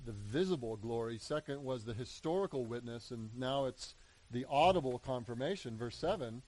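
Animated man preaching a sermon. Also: a little high, poor audio. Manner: animated, acts out Peter's rambling, builds to emphatic peaks. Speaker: pastor.

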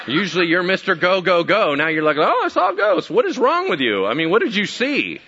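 A chatty male disciple, as a preacher puts him on hurries his friends along, teasing them in a raised, bright voice. He talks fast and keeps poking at them for answers. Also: high voice, very animated, highs cut off, voice pushed up, heavily acted.

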